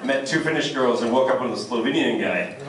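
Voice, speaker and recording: A middle-aged man from Canada doing a crude, animated stand-up comedy set. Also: mid-range voice. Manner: brash, crude, animated, pauses for laughs. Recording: echoey club, distant mic, loud crowd noise. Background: audience laughter.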